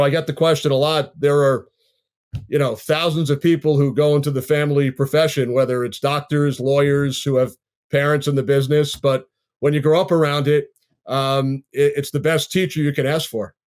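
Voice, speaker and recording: A man in his fifties from Long Island, New York, a sports broadcaster telling his story in a measured, easygoing way as a podcast guest. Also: on the high side, fairly even intonation, darkish tone. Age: 50s.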